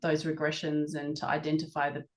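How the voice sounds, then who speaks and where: Casual podcast chat with a woman host, low voice, reflective and unhurried. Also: monotone.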